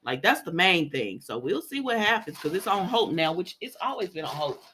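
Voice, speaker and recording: A woman chatting casually as she recaps a soap opera, a lively storyteller who acts out the characters' lines. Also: fairly low pitch, brisk, a little hiss or hum. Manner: chatty, lively storyteller acting out quotes in voices.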